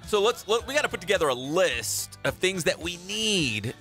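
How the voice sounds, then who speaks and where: A man's voice: high voice, big pitch swings, moderate pace, pushed and bright, faint music behind. A man hosting a radio sports show, telling funny stories in casual banter on a studio microphone. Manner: joking storyteller.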